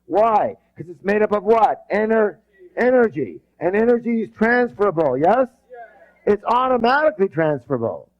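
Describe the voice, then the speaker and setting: A punchy man on stage, his voice sitting slightly high as he fires off "yes or yes?" and makes the room repeat after him. He gets emphatic and loud when he talks about passion. The recording is dull and lo-fi. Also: moderate pace. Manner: energetic, drills the audience with rhetorical questions. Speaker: motivational seminar speaker. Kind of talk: live seminar talk with call-and-response.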